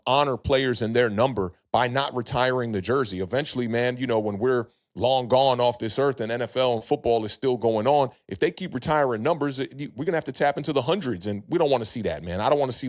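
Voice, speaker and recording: A young man hosting a casual livestream sports chat. He reads chat comments aloud, greets chatters by name, and hedges with plenty of fillers. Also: mid-range voice. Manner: laid-back, hedging, many fillers, greets chatters by name. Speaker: podcast host reading live chat.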